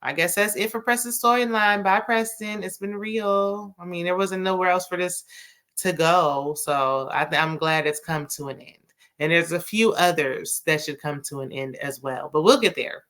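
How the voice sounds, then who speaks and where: A woman's voice: on the low side, moderate pace, fairly bright tone. A woman recapping a TV drama in a chatty, sassy way, full of slang and asides. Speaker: TV recap host. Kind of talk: casual TV recap chat.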